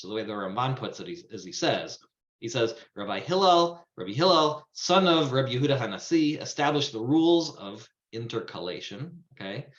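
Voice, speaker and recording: A man's voice: mid-range voice, a bit bright. A man giving a Torah class in a conversational lecture style, often checking in with his listeners. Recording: roomy, dull lo-fi sound.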